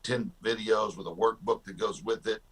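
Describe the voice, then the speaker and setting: A man's voice: fairly low pitch, moderate pace, fairly bright tone, breathy edge. A man, a guest author and success coach, talking in an interview and telling jokey stories with a laugh. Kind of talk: storytelling interview talk.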